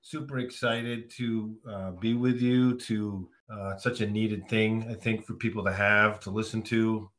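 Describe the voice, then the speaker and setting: A man talking as a podcast guest over a remote call, relaxed and friendly, with a few "uh" fillers. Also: lowish voice, measured pace, few pauses. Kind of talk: casual conversation.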